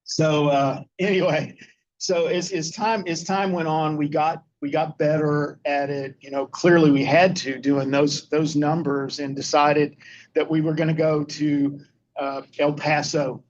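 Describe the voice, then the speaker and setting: A man's voice: on the high side, level tone, unhurried, highs cut off, slight background noise. A man telling folksy anecdotes about running a restaurant to a small audience, acting out quoted dialogue. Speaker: guest speaker telling restaurant history. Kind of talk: casual storytelling to a small group.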